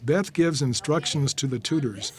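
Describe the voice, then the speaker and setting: A man giving even, explanatory scripted narration for a training video. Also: medium pitch, normal speed.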